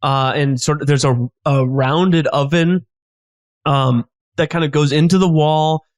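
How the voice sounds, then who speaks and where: Brief: high-pitched male improviser, rambling scene description with lots of ums. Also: fairly even intonation, measured pace, no echo, clean studio sound. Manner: rambling, many fillers and restarts. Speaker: improv comedian guest.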